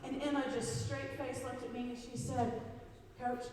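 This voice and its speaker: A woman's voice: high voice, flat delivery, normal speed, a little hiss or hum. A woman basketball coach with a Midwestern American accent, giving a speech in a gym and telling fond stories about a player. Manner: warm storytelling, emotional, self-deprecating jokes. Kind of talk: senior night speech to a gym crowd. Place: school gym, large hall. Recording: echoey gym from far off.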